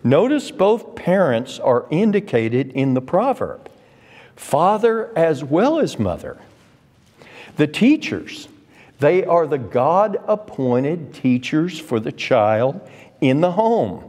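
A man's voice: fairly high pitch, sing-song, slow, a little mellow. A man teaching a Sunday school Bible class, emphatic, repeating his points and quoting scripture. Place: church classroom. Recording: long church reverb.

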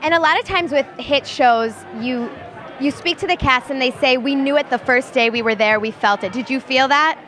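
A woman's voice: sits high, normal speed, sharp tone. A woman from Chicago hosting a red carpet interview, asking upbeat questions outdoors. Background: crowd chatter.

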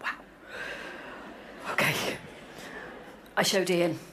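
A woman's voice: lowish voice, extremely slow, bright, forceful tone. A woman in her forties giving a wry, self-deprecating anecdotal speech to a meeting. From Wales. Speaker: speaker at an annual meeting. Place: large hall, to an audience. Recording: echoey hall with faint room noise.

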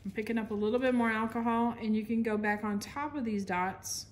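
Slightly high and steady, her voice moves fairly quickly as this American art instructor demonstrates painting in a chatty, casual way. She narrates while she works and occasionally says sorry to her viewers.

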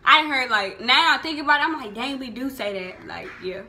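A woman's voice: high-pitched, a little fast, pushed and bright, slight background noise. A young woman from Houston with a Southern Houston accent, chatting casually about local slang in a vlog, laughing often and saying "like" a lot. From Houston, Texas. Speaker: vlogger.

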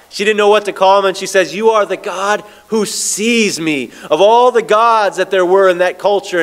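A man pastor preaching a sermon, telling stories and slowing down to read scripture. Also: sits high, a bit bright. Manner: storytelling preacher, slows down on scripture.

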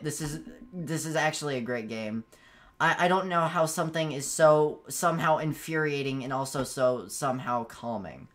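This gamer's voice sits on the high side with a fairly bright tone. He keeps up casual commentary while he plays, tripping over and repeating words, and yelps or laughs whenever things frustrate him.

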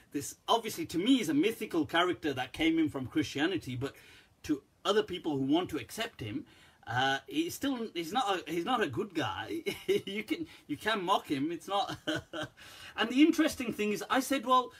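Middle-aged male teacher, husky and a bit high-pitched, chatty and mocking, laughs a lot. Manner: laughs often, animated storytelling, mocking tone. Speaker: Islamic teacher answering questions. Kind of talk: casual Q&A talk.

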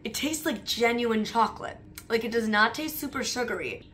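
Sampling snacks for her vlog, a young woman speaks at a moderate pace in a fairly high, somewhat bright voice, with slight hiss or hum in the recording. Her easygoing, wandering chatter is full of "like."

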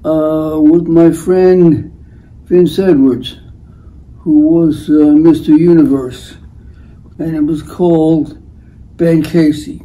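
An older man hosting a rambling storytelling monologue, unhurried and acting out the voices in his stories. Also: a little high, steady tone, dark tone, low-quality recording. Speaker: host telling life stories.

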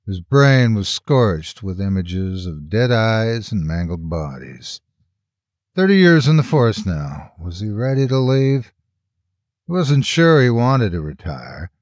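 Male horror narrator, mid-pitched, animated delivery, dry close studio sound. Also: no echo. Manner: measured storytelling with lively pitch swings.

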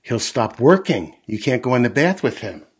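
A man voicing a cheerful, gentle mother pig in a storybook reading, speaking brightly and soothingly. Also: medium pitch, big pitch swings, normal speed, slightly rough.

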